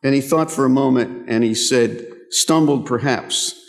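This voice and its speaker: A man's voice: mid-range voice, moderate pace, darkish tone, soft background music. Man giving a speech in a reverberant hall. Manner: self-deprecating, humorous storytelling. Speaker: award recipient giving acceptance speech. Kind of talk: formal acceptance speech with anecdotes. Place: large ceremony hall, at a rostrum. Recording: long reverb of a large hall.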